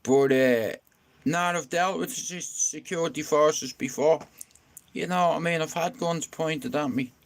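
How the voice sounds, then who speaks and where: A man's voice: fairly high pitch, unhurried. A young man, telling a rambling story to viewers on a live stream, swearing freely and saying "you know what I mean" again and again. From Ireland.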